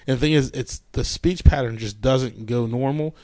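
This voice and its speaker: Male co-host, middle pitch, blunt and profane in banter. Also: moderate pace, dark tone, no echo, clean studio sound. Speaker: podcast co-host. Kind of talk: casual chat.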